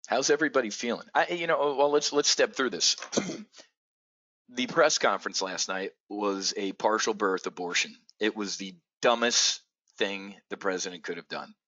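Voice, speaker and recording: Blunt, stammering man with a bright edge. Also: lowish voice, normal speed, no echo, muffled recording. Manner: blunt and profane, stammering restarts, excitable. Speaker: trading coach hosting a live stream. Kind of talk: unscripted live stream talk.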